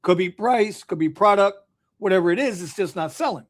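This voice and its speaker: A man's voice: high voice, a little fast. A man hosting a casual livestream chat, loose and jokey, throwing in "bro" and laughing often. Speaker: host.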